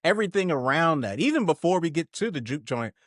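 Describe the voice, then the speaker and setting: A man hosting a podcast in casual chat, animated and swearing for emphasis, with his voice jumping up when he gets excited. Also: a little high, fast, no room sound, clean studio sound. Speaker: podcast host.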